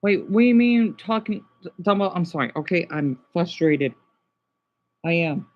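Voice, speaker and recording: A man's voice: high voice, expressive, normal speed, dull audio. A young man livestreaming to his viewers, distraught and exhausted, swearing and repeating himself as he talks unscripted. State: exhausted and upset. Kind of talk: unscripted live stream talk.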